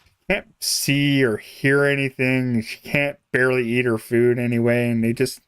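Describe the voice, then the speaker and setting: A man's voice: medium pitch, monotone, normal speed, a bit bright, smooth, no room sound. A young man chatting casually on a game live stream, rambling, chuckling often and trailing off mid-thought. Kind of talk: casual live-stream chat while playing.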